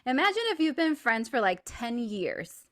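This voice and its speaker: A woman's voice: on the high side, moderate pace. Chatty woman telling a story on a podcast. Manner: chatty, fills speech with "like"; animated and laughing while retelling stories. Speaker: podcast co-host. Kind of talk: casual storytelling chat.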